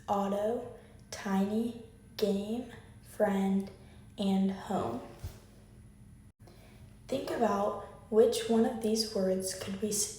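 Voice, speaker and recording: A woman's voice: medium pitch, warm tone, slight background noise. A woman teaching a recorded phonics lesson, patiently asking the listener questions and leading clap-along counting drills. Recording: very echoey room, voice far from the mic.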